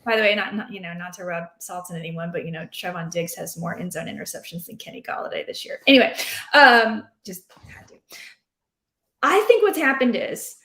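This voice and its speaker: A woman chatting about fantasy football in an animated, rambling, playful way. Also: lowish voice, a little fast. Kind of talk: casual sports chat. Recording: roomy echo.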